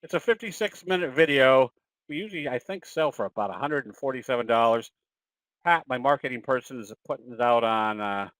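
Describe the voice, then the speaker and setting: A man's voice: medium pitch, fairly bright tone, dry recording, poor audio. Folksy man giving a trading webinar. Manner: folksy, conversational, with frequent fillers and self-corrections. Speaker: trading educator presenting a webinar. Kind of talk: webinar presentation with Q&A.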